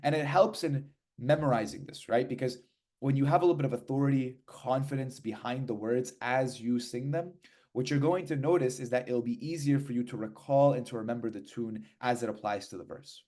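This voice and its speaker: A man teaching hymns, explaining patiently and then chanting verses slowly. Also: mid-range voice, darkish tone. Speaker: hymn teacher. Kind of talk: hymn lesson, speaking and chanting.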